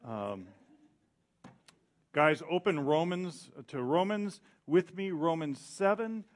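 A middle-aged male pastor preaching a sermon in an animated way, acting out quoted voices. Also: a little high, slow pace.

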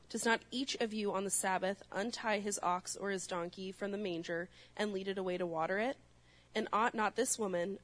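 A woman with a mid-range voice reads a scripture passage aloud. Her delivery is measured and steady. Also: medium pitch, poor audio. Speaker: scripture reader.

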